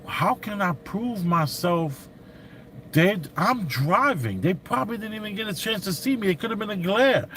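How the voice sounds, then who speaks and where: A middle-aged man, telling stories and giving commentary in animated, slangy street talk. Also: high-pitched, a little hiss or hum. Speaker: vlogger. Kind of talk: commentary and storytelling.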